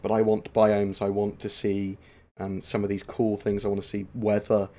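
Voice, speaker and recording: A man hosting a gaming channel, casually answering viewer questions on a livestream in a relaxed, rambling way with many filler sounds. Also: on the low side, normal speed.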